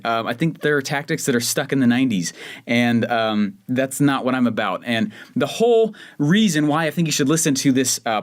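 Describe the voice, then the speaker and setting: A young man from Colorado hosting his own podcast, telling a personal story in a chatty, self-mocking way with lots of fillers and restarts. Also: medium pitch. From Denver, Colorado. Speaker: podcast host. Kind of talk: casual solo podcast storytelling.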